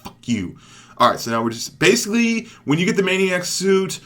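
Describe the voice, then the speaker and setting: A young man giving casual commentary over his own gameplay, excitable, dropping from mumbled asides to loud hype shouts. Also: high voice, a little fast. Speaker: gaming commentator.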